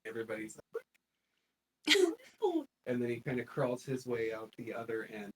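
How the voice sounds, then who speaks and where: A game master narrating a tabletop game, telling the story in a lively way and laughing often. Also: medium pitch, moderate pace. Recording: distant mic, faint noise.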